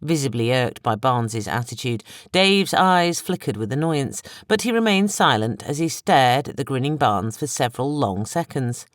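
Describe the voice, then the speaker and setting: An audiobook narrator reading a novel in steady, expressive storytelling, at a middle pitch. The voice is recorded close on a studio microphone, completely dry with no room sound. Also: normal speed, hardly any pauses, no echo.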